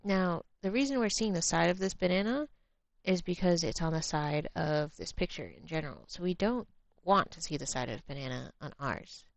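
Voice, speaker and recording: An American woman chatting casually on a livestream while drawing, laughing easily, swearing bluntly, and sometimes dropping to a quiet mutter as she works. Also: fairly low pitch, lively intonation, normal speed, creaky, no room sound. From United States. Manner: drifts to quiet murmurs while working. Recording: muffled lo-fi stream audio.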